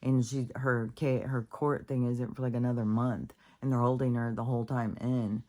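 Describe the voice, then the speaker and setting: A woman's voice: extremely low pitch, level tone, moderate pace, mellow. A woman vlogger telling a story in a rambling casual monologue, with many fillers, restarts and blunt swearing. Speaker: spiritual vlogger.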